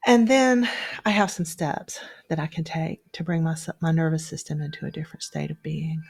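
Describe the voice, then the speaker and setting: A woman with a lowish, gravelly voice talks in a calm, reflective way. She sounds like a meditation guide thinking aloud in conversation. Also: fairly quick. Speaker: podcast co-host, meditation guide.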